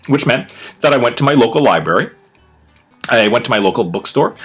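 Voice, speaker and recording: Animated man reading a picture book aloud. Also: slightly rough. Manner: animated storyteller with big pitch swings and drawn-out emphasis; chatty, explains words to young listeners. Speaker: children's author reading his own book.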